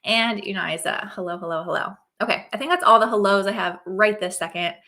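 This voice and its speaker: A woman's voice: mid-range voice, brisk, bright, forceful tone. A woman from Oregon hosting a casual livestream chat, upbeat and chatty, greeting viewers by name, with a slight cold. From Oregon, USA. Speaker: host.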